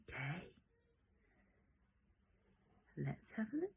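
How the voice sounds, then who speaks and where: A woman's voice: high voice, very animated, slow, vocal fry, pauses often. A woman teaching young children, talking in an exaggerated, encouraging, sing-song way and sometimes dropping to a whisper. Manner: drops into whispers at times.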